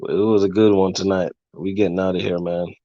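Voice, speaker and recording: A man hosting a casual livestream, talking loosely with fillers and giving long shout-outs. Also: low voice, level tone, brisk, no room sound. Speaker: livestream host. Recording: dull, lo-fi dry sound.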